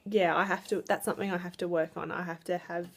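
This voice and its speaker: A woman's voice: on the low side, fairly even intonation, fast. A young woman chatting casually to camera about her direct sales business, often laughing. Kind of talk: casual vlog chat. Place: at home.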